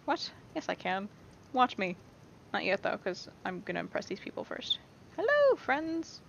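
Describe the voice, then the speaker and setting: A woman's voice: on the high side, vocal fry, a bit bright. Playful young woman narrating gameplay. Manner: playful, rambling, self-reassuring chatter. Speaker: gameplay streamer. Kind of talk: casual let's-play commentary. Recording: dull lo-fi mic with faint hiss.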